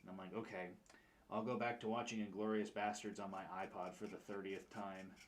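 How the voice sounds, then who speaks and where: A man's voice: fairly low pitch, little pitch movement, fairly quick. A young man with an upstate New York accent, chatting casually on a stream and answering his chat in a rambling way. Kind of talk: casual chat while painting miniatures.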